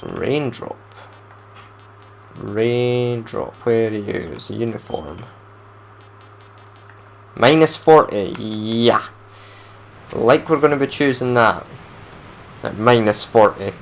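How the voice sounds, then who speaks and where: A man's voice: mid-range voice, lively intonation, slow, vocal fry, long pauses, slight background noise. A man giving casual let's play commentary as he plays, chatting to himself and grumbling when things go wrong. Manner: chatty, talks to himself while playing, frustrated outbursts.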